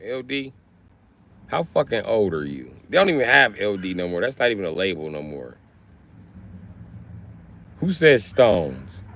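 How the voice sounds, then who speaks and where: On a casual livestream, a man in his late thirties with big pitch swings talks a little slowly and leaves long pauses. He reads chat aloud, roasting viewers with profanity and shouting high-pitched mocking bits.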